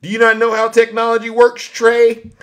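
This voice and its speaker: Male vlog host, commentary; higher-pitched, mocking, direct address to viewers. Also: completely flat delivery, moderate pace, fairly bright tone.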